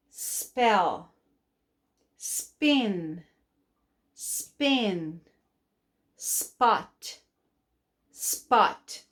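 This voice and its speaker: A woman with a Brazilian Portuguese accent teaching children phonics, slowly modeling each sound and asking them to repeat. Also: mid-range voice. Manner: slow, drawn-out modeling of sounds for repetition.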